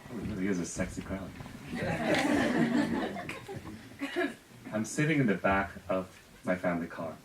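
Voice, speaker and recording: A man with a very low voice tells a funny personal story on stage, dry and self-mocking. He sounds distant in an echoey hall, with a faint hiss under his voice. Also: wildly swooping pitch. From Spain. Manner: wry, self-deprecating, quick asides. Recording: echoey room, distant mic, faint noise.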